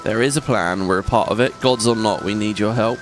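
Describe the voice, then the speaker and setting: A man's voice: lowish voice, a little fast, faint music behind. A man hosting a let's play, chatting casually and rambling as he thinks aloud and laughs often while he plays. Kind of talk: casual gameplay commentary.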